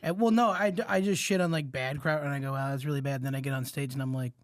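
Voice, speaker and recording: A man's voice: on the high side, fast. A man, a stand-up comic guest, chatting casually in a self-mocking way. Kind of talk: casual chat.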